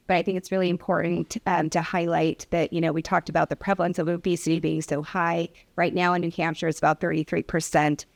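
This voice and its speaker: Doctor presenting at a public hearing. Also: female voice, on the low side. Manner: storytelling with acted patient dialogue. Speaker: obesity specialist physician. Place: hearing room.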